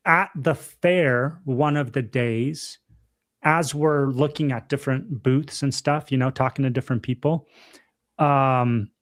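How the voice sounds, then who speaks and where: A young man co-hosting a podcast livestream, telling stories in an animated, casual way full of fillers and laughs. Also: medium pitch. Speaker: podcast co-host.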